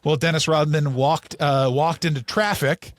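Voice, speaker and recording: A middle-aged man from Canada, a comedian telling stories as a podcast guest in a quick, animated, profane way. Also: fairly high pitch, no echo. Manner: animated, profane, fast storytelling. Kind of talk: storytelling interview.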